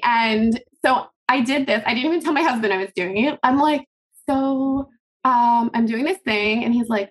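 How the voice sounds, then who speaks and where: A woman's voice: a little high, normal speed. A woman in her thirties, a podcast guest telling a long story in casual, rambling interview chat, full of fillers and acted-out quotes.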